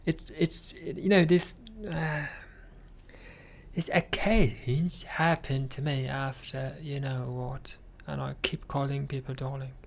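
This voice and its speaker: A man's voice: medium pitch, fairly even intonation, slow, vocal fry, slight background noise. Sleepy rambling man, half whispering. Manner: drowsy, rambling, often drops to a whisper; keeps calling people darling. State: sleepy and tired after surgery. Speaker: streamer chatting with viewers. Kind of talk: casual chat.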